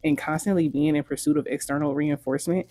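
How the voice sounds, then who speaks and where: A woman's voice: low-pitched, fairly even intonation, fast talker, mellow. A woman giving frank, scripted commentary in a video, blunt and swearing casually.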